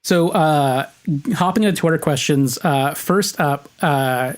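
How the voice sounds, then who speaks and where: A man with a slightly raised voice co-hosting a relaxed podcast. He rambles and laughs through his lines, often restarting mid-sentence as he reads listener messages. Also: on the high side, measured pace, slight background noise. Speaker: podcast co-host reading listener tweets. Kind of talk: casual chat.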